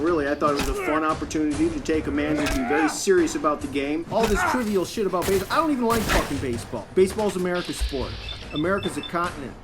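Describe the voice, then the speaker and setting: A man from Michigan rants with constant swearing and sarcasm as he plays, his voice sitting a little high for a man. Game music plays clearly behind him. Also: quick pace. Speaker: gameplay commentator. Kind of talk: profane gameplay commentary rant.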